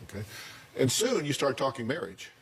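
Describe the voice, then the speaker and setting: A man hosting a TV talk show, questioning his guest in a folksy, probing way. His voice sits in a middle pitch. He talks from a studio. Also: sing-song, fairly quick, slight background noise.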